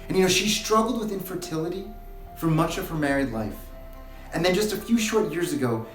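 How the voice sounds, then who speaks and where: A man giving a short recorded sermon as a rabbi, earnest and building to impassioned, pleading questions. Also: fairly high pitch. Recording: roomy echo, faint music.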